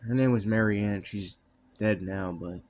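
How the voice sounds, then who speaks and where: A man's voice: on the low side, moderate pace, a little mellow, a little hiss or hum. A young man rambling in a casual vlog monologue, trailing off often, with plenty of fillers and swearing. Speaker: vlogger.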